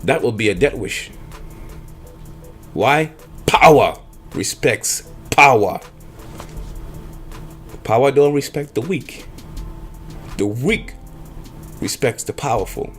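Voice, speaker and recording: A man's voice: medium pitch, lively intonation, slow, pauses often, a bit bright, faint music behind. A man delivering an emphatic monologue, lecturing and firing off rhetorical questions. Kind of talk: emphatic monologue on power politics.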